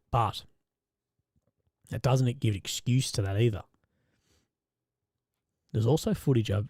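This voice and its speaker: A man's voice: lowish voice, darkish tone, dry recording, clean studio sound. A man, hosting a live stream and giving loose, conversational commentary while reading viewer chat, often swearing and restarting his sentences. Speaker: independent reporter and live-stream host.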